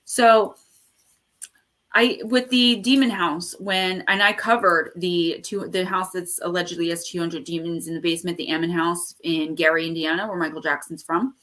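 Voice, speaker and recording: A woman hosting a casual live stream about the paranormal, rambling and animated as she tells stories. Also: on the low side, normal speed. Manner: animated, rambling storyteller who acts out quotes. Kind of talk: casual livestream chat.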